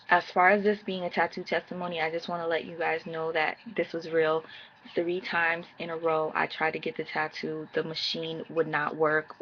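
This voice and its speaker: A woman's voice: low-pitched, highs cut off, slight background noise. A woman around thirty telling a personal story to camera in casual slang, acting out the quoted dialogue. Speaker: vlogger.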